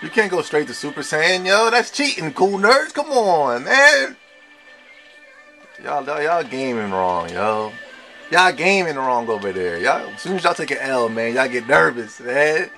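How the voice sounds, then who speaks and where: Gravelly excitable young gamer man. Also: on the high side, unhurried, faint music behind. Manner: excitable trash talk with slang, shouts and laughs. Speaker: gamer playing online. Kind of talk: live gameplay commentary.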